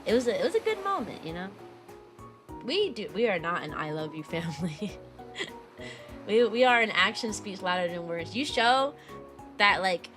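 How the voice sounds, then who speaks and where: A young woman chatting on a casual stream, telling rambling stories full of fillers and sudden high-pitched jumps. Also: sing-song, normal speed, pauses often, music in the background. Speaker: VTuber streamer and kindergarten teacher.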